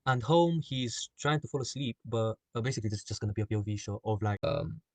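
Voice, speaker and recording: A young-sounding man talks through a story idea in a loose, rambling way, dropping "like" and "um" everywhere. His voice sits low and the sound is close and dry, with no room around it. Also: fast talker, darkish tone, no echo. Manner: rambling, full of "like" and "um". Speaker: group chat member pitching a film plot. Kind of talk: casual story pitch.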